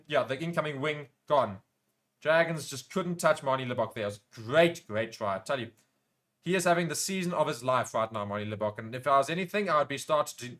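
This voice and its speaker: A South African man hosting a live rugby watchalong, chatting casually with viewers and breaking into excited play-by-play during big moments. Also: mid-range voice. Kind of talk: casual live commentary while reading chat comments.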